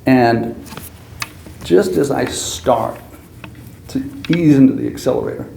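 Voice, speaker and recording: Man, gravelly, earnest storyteller at a podium; echoey banquet hall. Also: mid-range voice, a little slow, dark tone. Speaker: hall of fame inductee. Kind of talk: acceptance speech. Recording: echoey hall, faint room noise.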